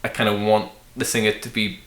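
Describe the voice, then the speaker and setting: A man's voice: on the low side, level tone, brisk, fairly bright tone. A young man hosting a casual music podcast, thinking aloud with frequent restarts and fillers. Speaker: podcast host. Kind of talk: casual chat. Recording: roomy echo.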